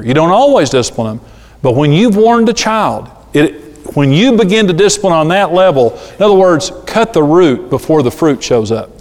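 A middle-aged man preaching a sermon on parenting, animated and acting out the voices he quotes. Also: a little high. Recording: long hall reverb.

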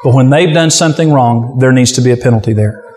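A pastor preaching a sermon with forceful, repetitive exhortation. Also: male voice, mid-range voice, fast, big-room sound.

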